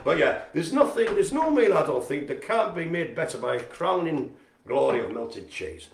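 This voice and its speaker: A man hosting a community centre's live stream, giving casual, jokey shout-outs and poking fun at himself. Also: a little high, sing-song, moderate pace, creaky. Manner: chatty, jokey and self-mocking. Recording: roomy echo.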